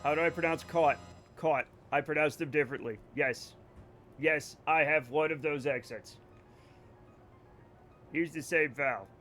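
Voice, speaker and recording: A young man streams a space flight game and talks with his viewers, answering chat in an animated way, cursing freely and launching into mock-angry rants. His voice runs high and unhurried, with long pauses and faint music in the background.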